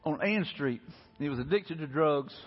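Earnest high-voiced man preaching in a hall. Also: lively intonation, normal speed. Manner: earnest, repeats key phrases, builds to emphatic peaks. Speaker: pastor. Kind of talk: sermon. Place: church sanctuary. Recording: dull reverberant church hall with faint music.

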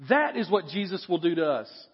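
A middle-aged man preaching a lively sermon in a church, dropping low for effect. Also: moderate pace, slightly rough. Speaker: pastor. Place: church sanctuary. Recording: long hall reverb, dull lo-fi sound.

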